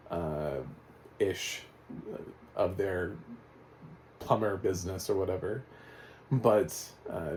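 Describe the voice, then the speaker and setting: Man, movie reviewer, lowish voice, warm and mellow, rambling casual chat. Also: a little hiss or hum. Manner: rambling, chatty, laughs often. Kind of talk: casual spoken film review.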